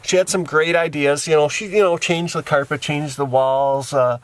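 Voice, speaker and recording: A man's voice: a little high, steady tone, moderate pace, dry recording. A tired man vlogging casually from inside his camper van, rambling with lots of restarts and fillers. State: tired from a long day. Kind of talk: casual vlog chat.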